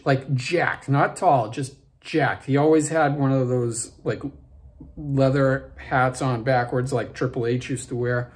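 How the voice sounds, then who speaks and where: A man in his forties hosting his own vlog, telling a backstage story in a rambling way with many fillers and restarts. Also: medium pitch. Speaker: vlog host. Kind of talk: casual storytelling.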